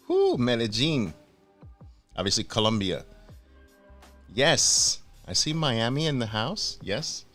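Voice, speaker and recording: A man's voice: medium pitch, fairly bright tone. A man hosting a live online trading presentation, energetically hyping his viewers with repeated rallying calls before settling into explaining. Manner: greets viewers by place names, then settles into explaining.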